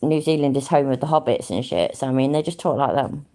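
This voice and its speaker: A woman's voice: rumbling low, fast, warm tone. An English woman rambling casually on a live stream, thinking aloud, humming to herself and swearing freely. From England.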